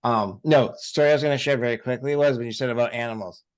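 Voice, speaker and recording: A man co-hosting a casual chat, telling stories in an animated way and swearing freely. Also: medium pitch, fast talker. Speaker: podcast co-host.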